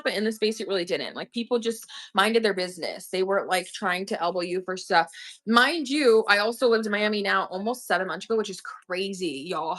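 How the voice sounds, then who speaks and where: Young woman, casual livestream chat, slangy and chatty, slightly high voice, talks to viewers. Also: fairly bright tone. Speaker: online reseller hosting a livestream.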